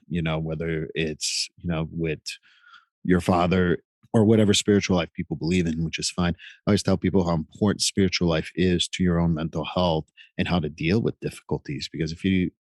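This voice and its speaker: A man hosting a podcast interview, speaking in a gentle, reflective and slightly rambling way. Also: sits low, no echo. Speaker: podcast host. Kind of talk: interview conversation.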